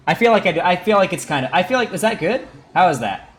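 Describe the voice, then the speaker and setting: A man's voice: high voice, animated, quick pace, fairly bright tone, breathy edge. A man doing casual live-stream commentary on a video, rambling and sarcastic, with frequent swearing.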